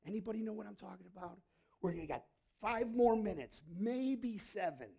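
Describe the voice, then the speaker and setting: A male pastor preaching a sermon, often asking the congregation questions and swinging between hushed and emphatic delivery. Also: high voice, expressive, normal speed, creaky.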